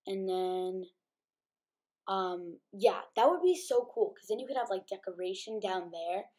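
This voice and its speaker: A woman's voice: mid-range voice, a little mellow. Sleepy, chatty woman gamer. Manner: chatty, many ums and likes. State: sleepy, just woke up. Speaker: gaming YouTuber. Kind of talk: casual game commentary.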